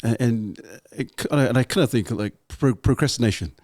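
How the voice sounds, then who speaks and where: A man co-hosting a podcast who talks in a rapid, stumbling way, full of restarts, in casual chat. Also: medium pitch, darkish tone, no room sound, clean studio sound. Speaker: podcast co-host.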